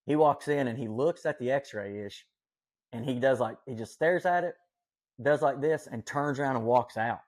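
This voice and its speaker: A man's voice: medium pitch, moderate pace, darkish tone. A man telling a personal story as a podcast guest, earnest and rambling, with many fillers and self-corrections. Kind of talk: casual storytelling.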